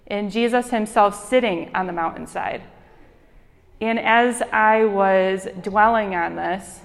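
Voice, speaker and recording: A young woman with a Michigan accent gives a casual sermon, dotted with ums and self-deprecating asides. Her voice sits at an ordinary middle pitch. The sound trails off in the long reverb of a large hall. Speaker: hospital chaplain giving a sermon. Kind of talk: informal sermon.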